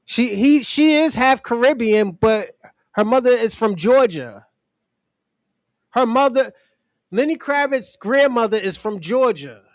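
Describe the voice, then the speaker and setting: Profane high-voiced man ranting. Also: expressive, unhurried, no room sound. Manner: profane, mocking, laughs often. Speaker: livestream host. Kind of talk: casual livestream rant.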